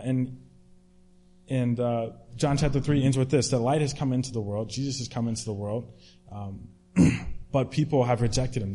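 Mellow-voiced man preaching casually. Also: medium pitch. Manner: conversational, animated retelling with restarts and fillers. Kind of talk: sermon.

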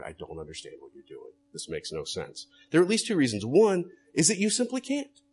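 A man's voice: high voice, darkish tone, breathy edge. A man preaching a sermon as a pastor, earnest and direct, often putting rhetorical questions to his listeners.

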